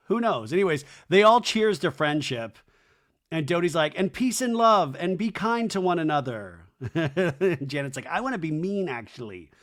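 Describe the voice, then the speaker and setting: A man hosting a podcast, casually recapping a reality show and mocking its cast in exaggerated voices. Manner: chatty, mimics cast members in high mocking voices. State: hiccups. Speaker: podcast host.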